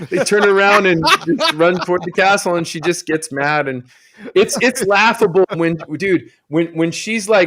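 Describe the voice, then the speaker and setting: A man's voice: high-pitched, expressive, unhurried, a bit bright. A man on a podcast panel chatting casually, mocking and swearing, often laughing.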